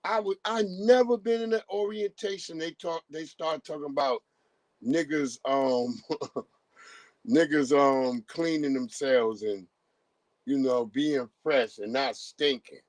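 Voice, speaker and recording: A man's voice: on the high side, slow, darkish tone, dry recording. A man hosting a livestream who talks in casual, profane commentary and acts out the voices of people he quotes. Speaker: livestream host.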